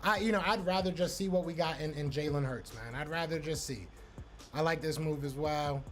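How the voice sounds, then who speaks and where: Philly-male host, fairly high voice, loose rambling live-stream chatter, faint music behind. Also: a little fast, fairly bright tone. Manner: loose, repetitive, talks to chat by name. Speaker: podcast host reading live chat. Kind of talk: casual live-stream chat.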